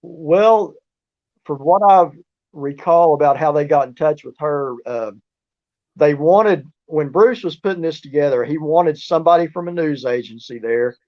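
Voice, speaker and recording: A man's voice: on the high side, unhurried. Guy rambling thru a story, lots of uh and restarts, muffled lo-fi audio. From southeast Oklahoma. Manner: rambling, with many restarts and fillers. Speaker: guest, researcher and author. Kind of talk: casual storytelling interview.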